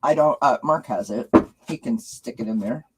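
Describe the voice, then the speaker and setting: Woman host, tarot live stream, raspy-edged voice, rambling casual chat. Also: very deep voice, normal speed, rough recording. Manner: rambling, with loose restarts.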